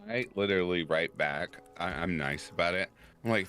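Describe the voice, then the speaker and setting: Low-voiced guy guest, blunt and chatty, faint music under him. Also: normal speed, fairly bright tone. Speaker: guest, fellow channel creator. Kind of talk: casual chat on a livestream podcast.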